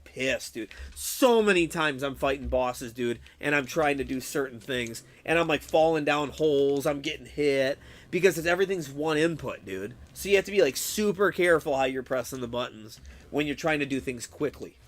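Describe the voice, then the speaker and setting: A young man streaming, chatting casually with his viewers, excitable, swearing a lot and laughing often. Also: medium pitch, moderate pace. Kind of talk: casual live-stream chat about a game.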